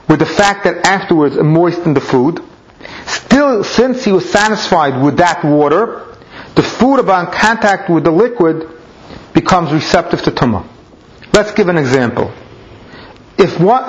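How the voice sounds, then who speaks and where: A man's voice: sits high, slight background noise. A man teaching a Talmud lesson, explaining each step and weaving in Hebrew and Aramaic terms. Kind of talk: Talmud lecture. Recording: dull lo-fi recording.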